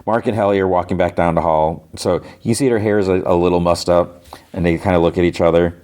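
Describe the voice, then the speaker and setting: A deep-voiced man hosts a podcast and walks through an episode scene by scene. He talks casually, stringing along fillers like "like" and restarting his sentences as he goes. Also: fairly even intonation, fast, darkish tone, clean tone. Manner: rambling retelling of scenes, heavy use of "like". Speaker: podcast host.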